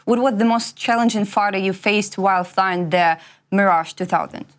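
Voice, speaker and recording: A woman's voice: mid-range voice, little pitch movement, moderate pace. A woman interviewer, formally reading prepared questions to her guest.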